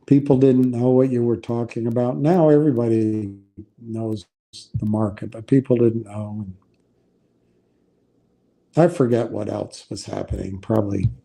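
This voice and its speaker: A man hosting a livestream, talking in a rambling, halting way with many restarts. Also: mid-range voice, steady tone, gravelly, warm tone. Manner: halting, meandering, frequent restarts. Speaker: livestream host. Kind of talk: rambling casual livestream talk.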